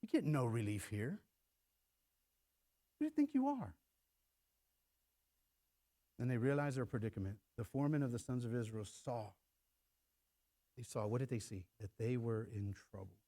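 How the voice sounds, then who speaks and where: A man preaching a sermon as pastor, acting out voices and stumbling over repeated words as he starts a thought. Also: mid-range voice. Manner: animated preaching, acts out voices.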